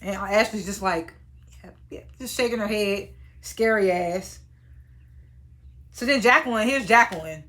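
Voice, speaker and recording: A woman's voice: mid-range voice, a little slow, long pauses. A young woman casually recapping a reality show, blunt and profane, acting out what the cast said. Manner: animated, blunt and profane, acts out quotes.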